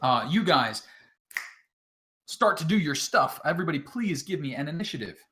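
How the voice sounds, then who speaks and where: A man narrating as game master of an online tabletop game, halting often with filler sounds between phrases. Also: on the high side, big pitch swings, pushed and bright.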